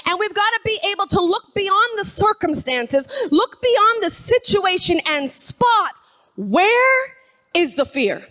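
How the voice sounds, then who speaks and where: A woman preaching an energetic sermon, calling on the congregation to repeat phrases after her. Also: extremely high pitch, slow. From Canada. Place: church sanctuary.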